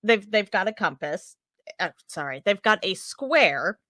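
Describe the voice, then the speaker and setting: A woman co-hosting a podcast, chatting casually as she recaps a TV episode, laughing often and thinking out loud. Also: medium pitch, lively intonation, a little slow, no echo, studio quality. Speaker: podcast co-host.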